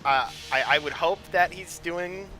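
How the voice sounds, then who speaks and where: A man's voice: fairly high pitch, measured pace, bright, forceful tone. A young man rambling casually on his gaming stream, chatty and loose, with swearing. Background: game music playing.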